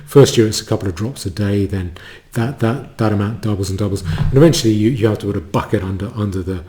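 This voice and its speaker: A man giving a solo commentary monologue, halting, with many stammered restarts. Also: fairly low pitch, warm tone.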